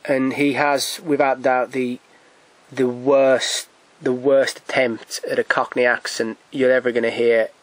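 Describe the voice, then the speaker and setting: Going over his film purchases, a man talks casually in a medium-pitched voice with little pitch movement, at a measured pace. He rambles, restarts often, stammers repeats, swears bluntly and chuckles at his own anecdotes. The recording is dry.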